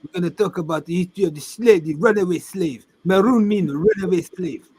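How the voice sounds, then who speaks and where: A man's voice: sits high, fairly quick, darkish tone, slightly rough. A man putting on the voice of an upbeat travel vlogger, repeating phrases in a mock presenter cadence.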